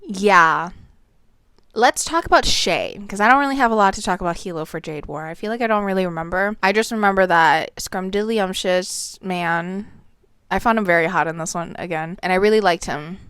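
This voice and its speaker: Smooth-voiced young woman ranting about books. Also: on the low side, moderate pace, a bit bright, dry recording, studio quality. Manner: emphatic, swears a lot, frequent "like" fillers. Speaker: book reviewer. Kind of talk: casual book review vlog.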